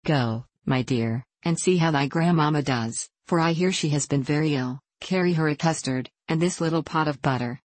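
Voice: mid-range voice, moderate pace, hardly any pauses, no room sound, lightly acted. A reader voicing a tender country mother. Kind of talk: storybook reading.

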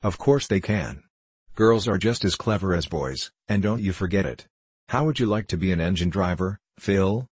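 A man reading the part of a cheerful, clever Edwardian father in a hearty, brisk way. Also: low-pitched, animated, slightly rough, no echo.

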